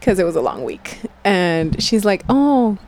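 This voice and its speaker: A woman's voice: fairly low pitch, normal speed, slight background noise. A young woman co-hosting a podcast, chatting casually and telling stories with lots of laughter. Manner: laughs often, animated storytelling. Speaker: podcast co-host. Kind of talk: casual chat.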